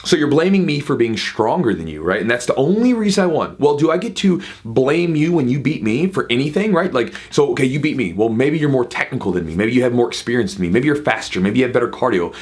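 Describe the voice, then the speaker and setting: A man in his thirties talks fast and casually to his viewers, dropping "right?" into almost every thought. His pitch sits in the middle and his delivery stays conversational, like a coach explaining things after class. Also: lively intonation. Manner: fast, chatty, frequent "right?" asides. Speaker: jiu-jitsu coach and channel host. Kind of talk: casual advice talk to camera.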